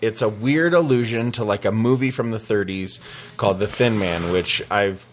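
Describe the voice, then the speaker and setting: A man's voice: lowish voice, moderate pace, slight background noise. A man hosting a casual podcast chat, rambling through a film pick, laughing often and swearing now and then. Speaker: podcast host.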